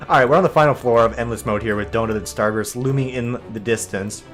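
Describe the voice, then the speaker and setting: A young man hosting a gaming video, chatting casually over gameplay and telling animated stories in which he mimics other people's exaggerated voices. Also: mid-range voice, fast, few pauses, soft background music. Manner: animated storytelling, voicing exaggerated quoted people.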